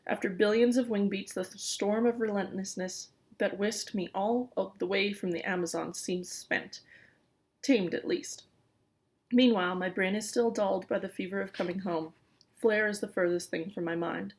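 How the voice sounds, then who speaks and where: A woman reading a children's novel aloud in the first person, lively, with small stumbles. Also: medium pitch, moderate pace. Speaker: audiobook reader.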